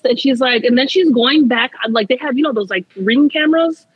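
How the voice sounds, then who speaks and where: Woman, young adult, husky voice, higher pitch, chatty storyteller, dull dry recording. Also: fairly quick, hardly any pauses, no echo. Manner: chatty, laughs often, fillers like "like" and "I'm like". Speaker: interview guest. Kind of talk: casual storytelling interview.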